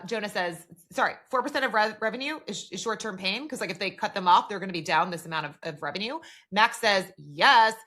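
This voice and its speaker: Woman podcast co-host, casual and animated recap delivery, bright tone. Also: medium pitch. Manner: animated, recounts dialogue in quoted voices.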